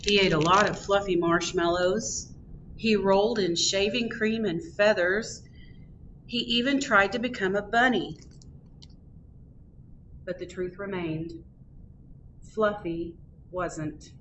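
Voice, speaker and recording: A librarian reading a picture book aloud to children at storytime, in an expressive, gently animated voice. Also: female voice, medium pitch, slow, pauses often, dull audio, background noise.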